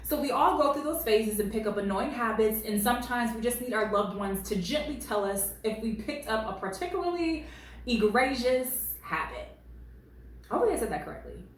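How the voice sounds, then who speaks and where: A woman's voice: a little high, brisk, recorded from a distance, slight background noise. Sassy woman talking in an echoey room. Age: late 20s. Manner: animated, sassy, laughs a lot. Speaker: reddit story reader and commentator. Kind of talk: casual commentary vlog. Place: at home.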